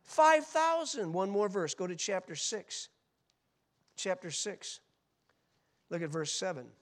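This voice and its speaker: A man preaching a sermon as pastor, reading scripture slowly and acting out the voices in the Bible stories with rising intensity. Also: sits high. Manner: reads scripture slowly and deliberately.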